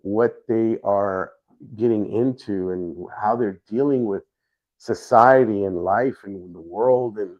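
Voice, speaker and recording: A middle-aged man hosting a livestream, talking in a rambling, halting way with many restarts. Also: lowish voice. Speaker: livestream host. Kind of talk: casual livestream chat. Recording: dull lo-fi stream audio.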